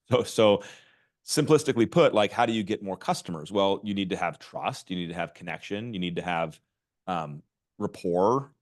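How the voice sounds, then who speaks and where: Middle-aged male guest, low voice, lively and restless delivery with many restarts. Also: moderate pace. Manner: animated, restarts often with repeated words. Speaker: podcast guest, author and marketing executive. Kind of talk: casual interview talk.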